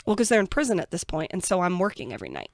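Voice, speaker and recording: A woman's voice: lowish voice, huge pitch swings, very fast, no echo, studio quality. A woman guest in an interview, telling her own story in a blunt, frank way and acting out the people she quotes. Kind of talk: candid interview talk.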